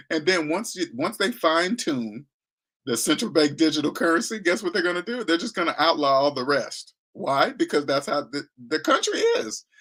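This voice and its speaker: A man's voice: fairly high pitch, fairly bright tone, husky. Blunt slangy man lecturing. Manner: blunt, lecturing, slangy, mocking voices he imitates. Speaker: finance commentator. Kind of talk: casual monologue.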